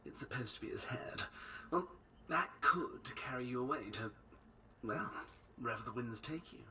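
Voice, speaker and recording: A man's voice: medium pitch, animated, normal speed, bright, forceful tone, recorded from a distance, a little hiss or hum. An actor playing a chatty, scheming male helper in a video game, full of ideas.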